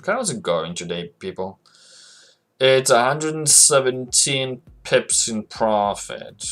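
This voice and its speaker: A man's voice: mid-range voice, animated, takes it slowly, fairly bright tone. Rambling, chatty male live-stream host. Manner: rambling and chatty, reads viewer chat aloud. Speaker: livestream host, forex trading analyst. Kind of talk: casual live-stream commentary.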